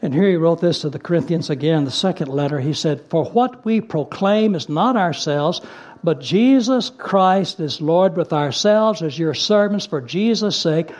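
Emphatic high-voiced male preacher. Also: expressive, darkish tone. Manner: earnest, emphatic repetition, slows to stress scripture; conversational asides with fillers. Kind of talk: sermon.

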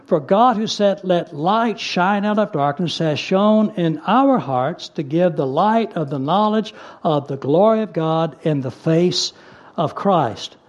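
A man preaching a sermon, earnest and emphatic, repeating key phrases and slowing down to stress scripture, with casual asides in between. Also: sits high, expressive, dull audio. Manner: conversational asides with fillers.

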